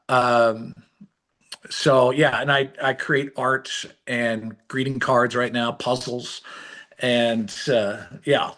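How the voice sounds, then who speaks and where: A middle-aged author and illustrator with a medium-pitched voice tells his story in an interview. His delivery swings between hushed and excited.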